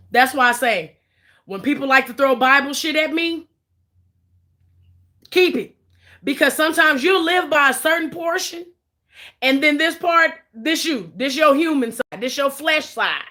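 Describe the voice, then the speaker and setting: Outspoken, profane woman with a bright voice. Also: sits high, animated, a little slow, long pauses. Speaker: commentator. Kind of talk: blunt opinion vlog.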